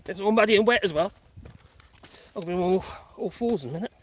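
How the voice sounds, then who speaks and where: A man's voice: high voice, fast, slight background noise. A man chatting casually as he hikes a rural path with his dogs, calling out to them and chuckling often. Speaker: vlogger walking his dogs. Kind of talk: casual rambling chat while hiking. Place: rural footpath outdoors.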